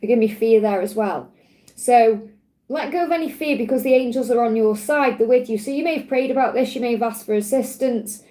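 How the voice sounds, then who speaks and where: A woman with a Stoke-on-Trent accent, giving a gentle, chatty card reading on a live stream and answering viewers. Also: on the high side, a little fast, low-quality recording. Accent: Stoke-on-Trent English. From England. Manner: gentle, reassuring, chatty with frequent restarts. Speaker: tarot and angel card reader.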